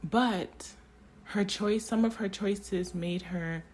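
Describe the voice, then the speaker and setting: A woman speaking in an emotional, halting personal monologue, tearing up and restarting her sentences often. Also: medium pitch, a little mellow, slight background noise. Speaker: spiritual vlogger.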